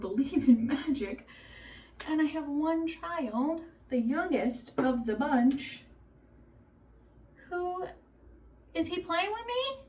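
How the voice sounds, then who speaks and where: A woman in her thirties, a mother of three, chatting casually to camera and telling family stories with animated quoted lines. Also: fairly high pitch, distant mic.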